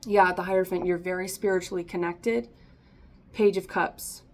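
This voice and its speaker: A woman's voice: lowish voice, steady tone, normal speed. A woman giving a casual, chatty tarot reading to camera, encouraging and often laughing. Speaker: tarot reader.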